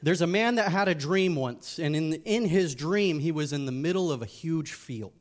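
A man's voice: fairly high pitch, lively intonation, moderate pace. A man giving a casual sermon as a youth pastor, joking and speaking frankly.

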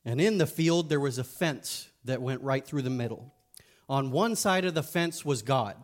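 A man preaching a relaxed, conversational sermon to a small group. He jokes warmly with the listeners and then speaks frankly and earnestly, with an ordinary middle pitch. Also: moderate pace. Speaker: youth pastor. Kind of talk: casual sermon.

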